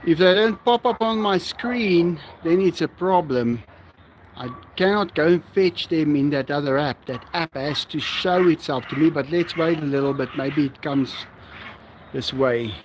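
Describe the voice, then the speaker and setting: A South African man with an Afrikaans accent, chatting casually as he hosts a livestream. He talks slowly in a fairly high voice and laughs often. A faint hiss sits under the recording. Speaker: livestream host. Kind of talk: casual livestream chat reading viewer comments.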